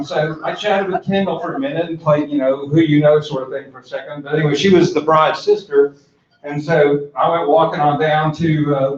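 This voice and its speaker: A middle-aged man giving a conference talk, telling a humorous personal story in a folksy, rambling way with many fillers and restarts. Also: fairly high pitch. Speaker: conference speaker. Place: large conference room. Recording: echoey hall, distant mic, dull sound.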